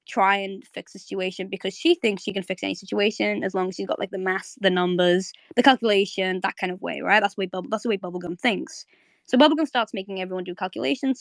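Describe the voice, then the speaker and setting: A woman's voice: mid-range voice, no echo, clean studio sound. A woman hosting a casual live audio chat, recapping a cartoon episode in a chatty way with many fillers and restarts. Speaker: host.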